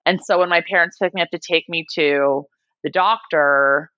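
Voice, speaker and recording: A woman's voice: fairly low pitch, normal speed, no echo. Woman telling a personal story, lo-fi. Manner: animated, mimics people in quotes. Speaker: guest. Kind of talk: casual interview storytelling. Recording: slightly dull lo-fi sound.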